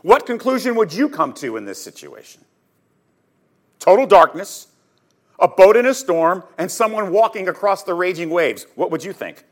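High-voiced, dramatic male Bible teacher. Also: very animated, moderate pace. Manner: dramatic, emphatic storytelling with sudden swings between loud and hushed; addresses listeners directly with questions.

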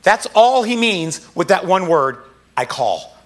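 A man preaching a sermon, reading scripture aloud and explaining it in an emphatic, casual way with quick asides. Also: high voice, big pitch swings.

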